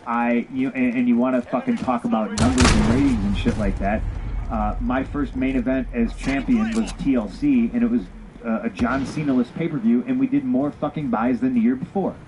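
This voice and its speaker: A man recounting his wrestling days in a blunt, profanity-laced interview, his voice rising whenever he acts out old arguments. The clip plays under loud game gunfire and battlefield noise that never lets up. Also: mid-range voice, brisk. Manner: profane, animated, acts out quoted dialogue. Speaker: interview guest, former pro wrestler. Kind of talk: candid storytelling in an interview. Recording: podcast audio played over loud game gunfire.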